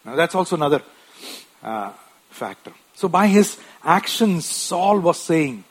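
Male preacher, slightly high voice, husky, slow and chatty sermon delivery. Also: big pitch swings. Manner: conversational, frequent tag questions and restarts; wife mentioned.

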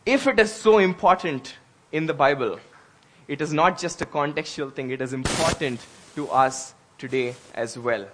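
A man's voice: a little high, moderate pace, fairly bright tone, slight background noise. A man preaching a sermon as pastor, earnest and conversational, with emphatic rises.

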